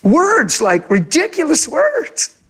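A man pastor telling a story in a sermon, acting out each person's lines with lively dialogue. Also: very high voice, slow pace. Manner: animated, acts out quoted dialogue.

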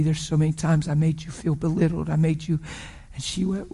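Emotional preacher man, slightly high voice. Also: little pitch movement, a little fast, creaky, husky. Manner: emotional storytelling, shifts from loud to hushed whispers. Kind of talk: sermon testimony.

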